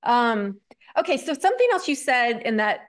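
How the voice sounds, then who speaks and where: A woman's voice: a little high, sing-song, moderate pace. A woman hosting an interview show, responding to her guest's story with thanks and encouragement. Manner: appreciative, thanking the guest warmly. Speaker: host.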